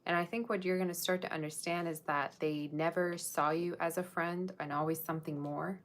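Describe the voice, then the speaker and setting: Chatty low-voiced woman reading tarot. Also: steady tone, a little fast. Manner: casual, chatty, speaks straight to viewers; musing, tentative delivery. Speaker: tarot reader. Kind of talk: live-streamed tarot reading.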